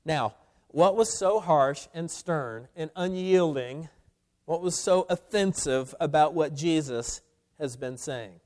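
A man's voice: fairly high pitch, takes it slowly, darkish tone. A man preaching an expository sermon, emphatic, often repeating words as he restarts. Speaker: pastor.

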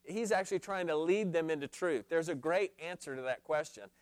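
Speaking a little fast in a fairly high voice without echo, a Bible teacher leads a class through expository teaching. His delivery is earnest and emphatic, and he asks his listeners questions.

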